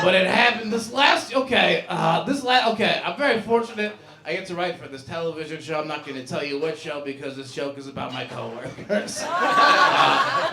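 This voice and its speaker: A male stand-up comedian telling a story on stage, acting out quoted lines with sudden loud jumps. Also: high-pitched. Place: comedy club stage before a live audience. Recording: echoey club with loud audience noise. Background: audience laughter.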